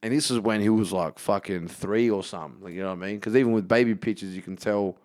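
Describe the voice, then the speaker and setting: A male comedian telling stories as a podcast guest, his voice smooth and clear. He talks casually, swears freely and throws himself into each anecdote. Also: lowish voice, quick pace. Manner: animated storyteller, swears freely.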